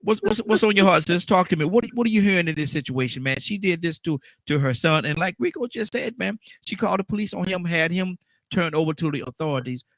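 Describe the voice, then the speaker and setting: A man's voice: high-pitched, lively intonation, quick pace, a bit bright, no echo, clean studio sound. A man hosting a call-in radio talk show, playful and affirming as he steers callers.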